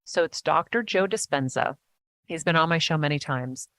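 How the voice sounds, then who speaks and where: A woman guest in a casual interview chat, talking eagerly in animated bursts with quick restarts. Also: low voice, dry recording.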